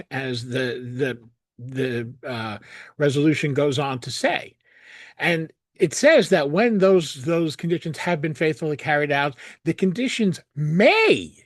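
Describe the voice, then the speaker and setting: Male analysis host, emphatic and scornful, restarts often, lively delivery, dead-dry room. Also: fairly high pitch, no room sound. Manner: indignant, sarcastic, emphatic with frequent restarts. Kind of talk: solo commentary reading and critiquing a document.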